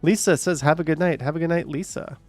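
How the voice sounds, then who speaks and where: A man's voice: on the high side, fast talker, a little mellow, no echo, soft background music. A man hosting a casual livestream, reading out chat comments with joking, sarcastic asides and a bit short of breath.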